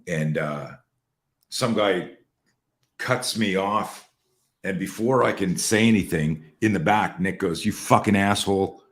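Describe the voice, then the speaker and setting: A man in his sixties with a very low, deep voice tells stories as a podcast guest. His manner is casual, animated and full of swearing. He often doubles back and restarts his phrases. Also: a little slow. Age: 60s. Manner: profane, animated storyteller with many restarts. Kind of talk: casual storytelling.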